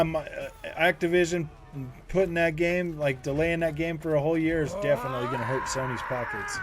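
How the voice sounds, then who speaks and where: A man streaming a game live, commenting casually in an excitable way, exclaiming often. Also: a little high, fairly quick. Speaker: gaming streamer. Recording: loud game music behind.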